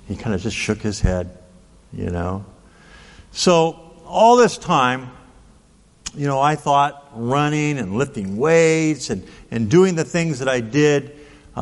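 Older male pastor, sixties, mid-pitched voice, folksy anecdotal sermon, long hall reverb. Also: expressive, unhurried. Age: 60s. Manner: folksy, anecdotal, with many "right?" and "okay?" asides. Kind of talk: sermon storytelling.

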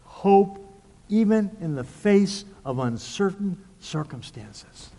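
A man's voice: sits high, animated, takes it slowly, dark tone, in a large hall. A man preaching a sermon, reading scripture aloud with growing emphasis. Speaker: pastor.

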